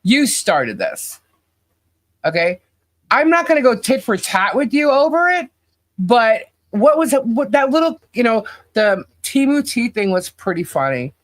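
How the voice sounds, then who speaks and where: A woman's voice: on the high side, measured pace, no echo. A woman co-hosting a podcast in casual chat, blunt and fired up as she trash-talks critics. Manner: blunt, animated, trash-talking. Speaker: podcast co-host.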